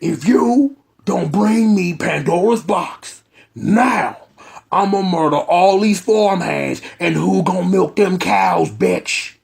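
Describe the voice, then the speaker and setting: A man's voice: high voice, takes it slowly, vocal fry, darkish tone, heavily acted. A man voicing a blustering small-time gangster who makes threats in heavy street slang. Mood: shouting threats.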